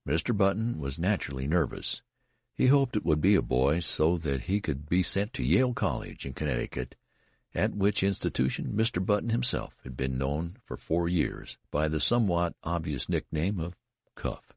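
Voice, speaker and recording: A man narrating a classic story as an audiobook, with measured, expressive storytelling. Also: rumbling low, creaky, breathy edge, dry recording, clean studio sound.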